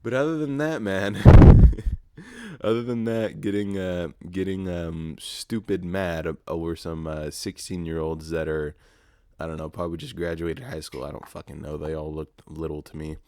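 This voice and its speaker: Very deep-voiced young man ranting casually. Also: fairly even intonation, normal speed, dark tone, no room sound. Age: early 20s. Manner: profane, rambling, self-mocking storytelling. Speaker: podcast host. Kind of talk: casual solo podcast monologue.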